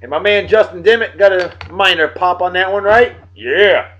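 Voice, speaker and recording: A man hosting a casual show, giving boisterous, jokey shout-outs full of slang. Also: high-pitched, moderate pace, a little hiss or hum. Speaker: host. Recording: dull lo-fi sound with faint music.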